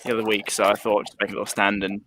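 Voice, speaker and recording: A man in casual conversation on a group livestream, talking in a relaxed, rambling way about his collection. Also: lowish voice, racing, background noise. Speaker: livestream guest. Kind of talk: casual chat.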